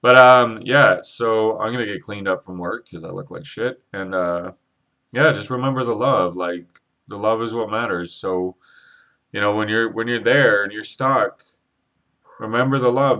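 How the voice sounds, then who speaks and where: A man's voice: lowish voice, bright, forceful tone. A man talking in an earnest, rambling spiritual vlog, emotional and holding back tears, with swearing and frequent restarts. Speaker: Reiki practitioner and psychic vlogger.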